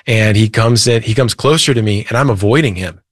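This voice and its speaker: A man's voice: on the low side, fairly quick, no room sound, studio quality. A man, a podcast guest, earnestly telling his faith testimony in conversation. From United States. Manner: earnest storytelling, with quoted dialogue and light laughs. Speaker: interview guest.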